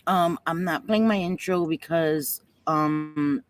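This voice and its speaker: A woman hosts a casual livestream, chatting warmly with viewers, calling them "sweetie pie," and at times fighting back tears. Her deep voice takes things slowly, and the recording is dry.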